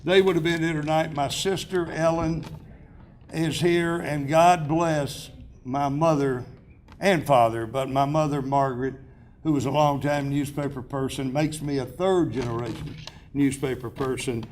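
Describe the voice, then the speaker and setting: A man's voice: on the high side, steady tone, measured pace, a little mellow. A man in his seventies giving an award acceptance speech, telling chatty self-deprecating anecdotes with restarts and chuckles at a podium microphone in a banquet hall.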